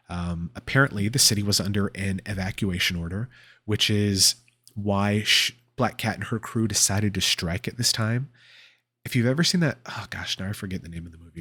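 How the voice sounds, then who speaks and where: A man's voice: deep voice, a bit bright, husky. A man hosting a podcast, casually recapping a comic book and rambling with fillers and laughs. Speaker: podcast host.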